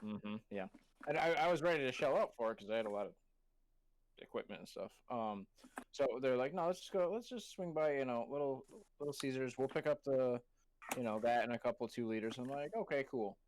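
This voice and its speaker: A man telling a casual story on a live stream, relaxed and hesitant, with frequent fillers. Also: mid-range voice, fairly quick, slight background noise. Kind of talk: casual chat, telling an anecdote.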